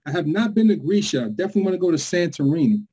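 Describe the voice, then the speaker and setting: A man's voice: on the high side, very animated, racing, mellow, slightly rough, rough recording. Hyped man hosting an online webinar. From New York. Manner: upbeat, hyped greeting of viewers by name. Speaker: webinar host. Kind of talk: live online presentation.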